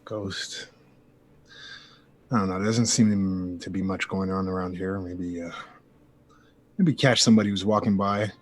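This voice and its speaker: A man taking part in a casual tabletop role-playing session, hesitant and thinking aloud. His low voice has a husky, breathy edge, and faint music plays behind him. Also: steady tone, unhurried, pauses often. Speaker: player.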